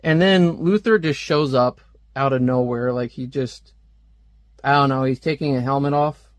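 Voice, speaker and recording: A man's voice: medium pitch, normal speed, no room sound. A man giving a casual, wry comic book review with a conversational manner.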